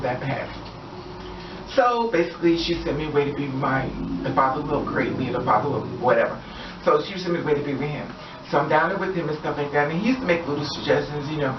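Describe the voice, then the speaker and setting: A man in an emotional personal storytime, rambling and circling back to repeat himself. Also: medium pitch. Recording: echoey, distant, muffled mic with faint hiss.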